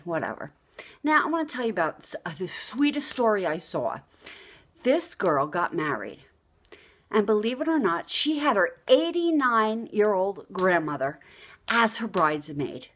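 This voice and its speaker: A woman's voice: medium pitch, sing-song, moderate pace, a bit bright. A middle-aged woman delivering a brash, gossipy comic monologue to the camera, asking the listener outraged questions. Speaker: vlogger telling the news.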